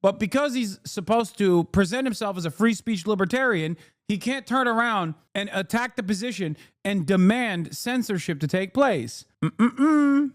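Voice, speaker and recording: A man hosting a live stream, reacting to clips and talking back to his chat in a sarcastic, profane, animated way. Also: high voice, moderate pace, dry recording, clean studio sound. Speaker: livestream host.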